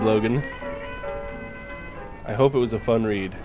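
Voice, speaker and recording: A man's voice: mid-range voice, steady tone, moderate pace, pauses often, over music, rough recording. A man streaming a game live, chatting casually with viewers, joking, teasing and swearing freely.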